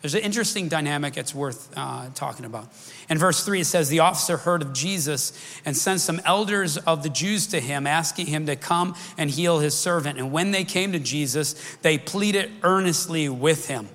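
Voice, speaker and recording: A man's voice: fairly high pitch, moderate pace, fairly bright tone. A middle-aged man preaching a sermon as pastor, speaking conversationally, wandering off track and restarting his sentences. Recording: long reverb of a large hall.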